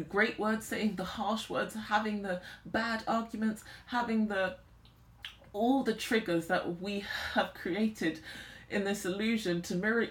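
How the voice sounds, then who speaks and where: A woman's voice: fairly low pitch, echoey room. A woman giving a channelled tarot reading, speaking earnestly and close to tears. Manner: earnest, emotional, on the verge of tears. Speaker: tarot reader.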